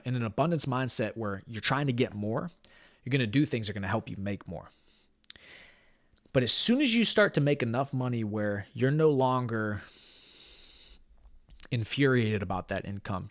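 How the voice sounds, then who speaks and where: A man's voice: mid-range voice, no room sound, clean studio sound. A man acting as a business mentor, giving a blunt motivational talk full of profanity and emphatic repetition.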